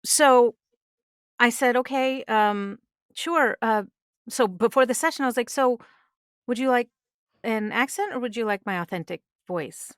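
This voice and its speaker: A woman, a singer and voice actress, chatting as a podcast guest, animated and laughing often. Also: on the high side, a little slow, smooth, no room sound, studio quality. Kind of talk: casual interview chat.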